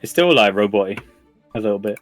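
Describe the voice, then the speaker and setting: Man, low voice, casual esports commentary, faint music underneath. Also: fast talker. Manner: relaxed, chatty co-commentator analysis. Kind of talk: live fighting game commentary.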